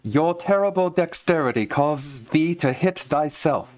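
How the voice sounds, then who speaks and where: A man's voice: a little high, lively intonation, a little mellow, pitched above the performer's own voice. A man doing a mock-archaic fantasy narrator. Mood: theatrical. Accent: slight put-on fantasy accent. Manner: slow, theatrical, old-fashioned diction.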